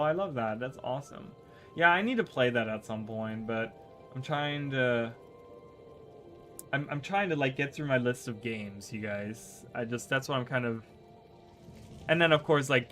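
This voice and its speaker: A man's voice: medium pitch, a bit bright. A man streaming a game, chatting casually with his viewers, rambling, tripping over his words and restarting sentences while playing. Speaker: gaming streamer. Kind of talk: casual livestream chat while gaming.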